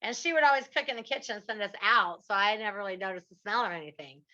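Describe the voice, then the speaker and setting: A woman hosting an interview, telling a lively story in a casual chat, stretching out her punchlines. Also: mid-range voice, quick pace, highs cut off. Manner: animated storyteller, drawls out punchlines. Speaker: podcast host.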